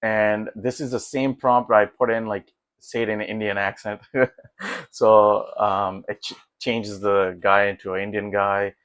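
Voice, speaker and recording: A man's voice: on the low side, measured pace, clear, resonant tone, dry recording. A man talking casually as a tech vlogger, walking through his test results with lots of fillers and restarts. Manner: rambling, many fillers and restarts; excited, easygoing. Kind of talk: casual walkthrough commentary.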